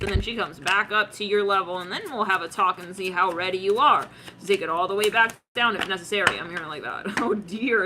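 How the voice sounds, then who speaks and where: A tarot reader gives a slangy, giggly reading, acting out what she senses and saying "it's like" again and again. Her voice is mid-range, with background noise in the recording.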